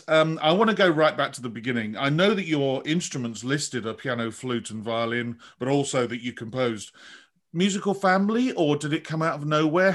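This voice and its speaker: Chatty man hosting a podcast. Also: on the high side. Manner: chatty, laughs often. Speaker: podcast host. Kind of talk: conversational interview.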